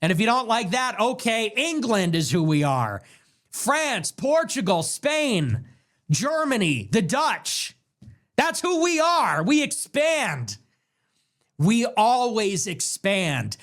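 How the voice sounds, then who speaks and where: A man hosting a livestream, delivering an emphatic, declamatory political monologue that builds to shouts. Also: high-pitched, very animated, slow pace. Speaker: livestream host.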